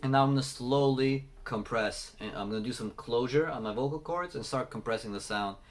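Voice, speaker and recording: A man teaching singing, talking through techniques and breaking into loud sung demonstrations. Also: mid-range voice, brisk. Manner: explains then belts sung examples. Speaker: vocal coach.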